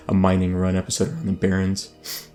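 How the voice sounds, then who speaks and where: Over soft background music, a man narrates his online gameplay in a low, monotone voice at normal speed. This gaming YouTuber's let's play commentary is rambling, packed with ums and restarts.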